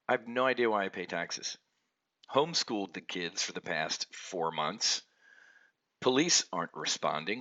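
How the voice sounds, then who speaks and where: An American man rants angrily as he hosts a trading show, stumbling and restarting mid-sentence. His voice sits a little low but comes out bright and forceful. The recording is dull and lo-fi. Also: sing-song, moderate pace. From United States. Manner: angry, ranting, many restarts and stammers. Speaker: options trading show host. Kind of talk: ranting market commentary. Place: home office with trading computers.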